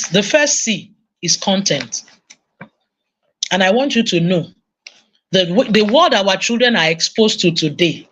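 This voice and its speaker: This medium-pitched woman speaks with a Nigerian English accent, and a faint hiss or hum sits under the recording. Giving a parenting talk in the style of a sermon at a conference, she animates her stories by performing the characters' voices.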